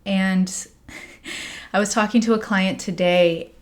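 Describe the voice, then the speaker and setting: A young American woman, a spiritual coach, talking in a candid, rambling monologue full of "like" and soft laughs. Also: mid-range voice, steady tone, slow pace. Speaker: spiritual coach and podcast host. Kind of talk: casual confessional monologue.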